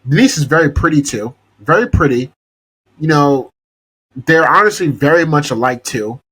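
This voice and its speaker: A man's voice: a little high, expressive, moderate pace, pushed and bright, husky, low-quality recording. A young man hosting a podcast, ranting casually and exasperatedly about a TV show and swearing freely. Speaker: podcast host.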